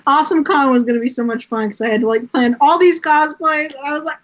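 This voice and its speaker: A young woman, a guest on a podcast, telling excited stories and laughing often. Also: high-pitched, quick pace. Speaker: guest performer. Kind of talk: casual interview chat. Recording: dull lo-fi audio.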